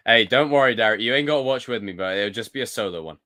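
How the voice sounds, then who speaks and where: A young British man hosting a casual live stream, reading viewer comments and reacting in a jokey, animated way. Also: mid-range voice, brisk. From United Kingdom. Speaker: livestream host.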